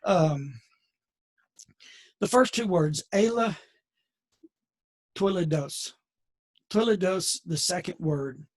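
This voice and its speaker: A man teaches scripture in a relaxed, conversational way. His voice is a touch high and husky. He wanders off on side remarks and restarts his sentences often. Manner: folksy and digressive, with many restarts. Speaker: Bible teacher. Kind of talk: conversational Bible lesson.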